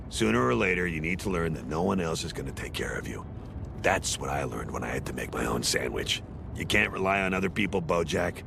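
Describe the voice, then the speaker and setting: A man's voice: deep voice, gravelly, background noise, full character voice. A man putting on a pompous bitter horse father. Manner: lecturing, self-pitying, condescending.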